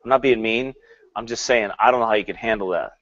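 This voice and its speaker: A man preaching a sermon in an animated way, swinging between loud and hushed, laughing often and mocking with put-on quotes. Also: lowish voice, quick pace, dull audio.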